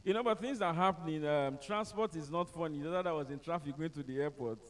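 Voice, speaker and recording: A Nigerian man speaking as a motivational speaker, telling funny stories to a live crowd. His voice sits high for a man, and he keeps it animated and joking, acting out the people in his tales. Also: quick pace, far from the mic. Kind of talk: humorous storytelling to a live audience.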